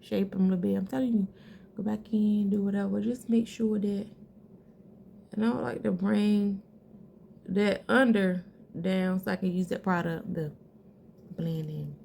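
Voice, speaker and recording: A woman with a mid-range voice and a steady gravelly fry runs a casual makeup tutorial, chatting straight to her viewers. A faint hum of room sound sits under her voice. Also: medium pitch, measured pace, pauses often. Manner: chatty, talks straight to viewers as girl and sis. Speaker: beauty vlogger.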